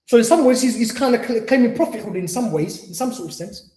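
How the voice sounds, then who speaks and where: A man with a very high, mellow voice teaches at an Islamic centre, talking fast and expressively in a conversational way, acting out little dialogues and often adding "you see." He is an Islamic teacher and spiritual healer giving a mosque lecture, recorded in an echoey lecture hall.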